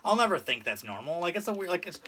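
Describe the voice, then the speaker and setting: Bright-voiced Michigan man chatting casually. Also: high voice, very animated, fast, husky. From Michigan, USA. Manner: rambling storyteller, says "like" often. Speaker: podcast host. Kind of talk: casual chat.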